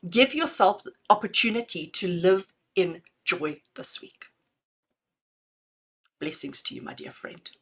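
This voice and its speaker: A middle-aged woman with a bright, clear tone gives intuitive messages on a live stream. She talks in a chatty, affectionate way and laughs easily between readings. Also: medium pitch, lively intonation, measured pace. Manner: affectionate, chatty, calls listeners "my darling". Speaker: intuitive reader.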